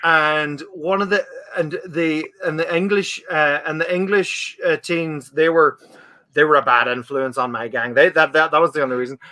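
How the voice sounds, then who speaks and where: Bright-voiced man telling stories. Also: fairly high pitch, normal speed. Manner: animated storyteller, acts out his own past lines. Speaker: podcast guest. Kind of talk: casual chat.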